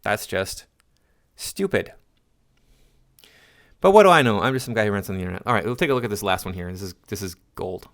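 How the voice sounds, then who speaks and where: Man, low voice, scornful, lecturing, reading posts aloud. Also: expressive, fairly quick, pauses often, a bit bright. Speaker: commentary channel host. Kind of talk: reading and reacting to social media posts.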